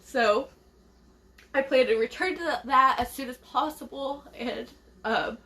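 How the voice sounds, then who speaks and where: A woman's voice: high voice, unhurried, fairly bright tone. Emotional young woman talking to followers. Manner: emotional, rambling, with frequent laughs and restarts. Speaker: beauty vlogger. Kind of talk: casual vlog to followers.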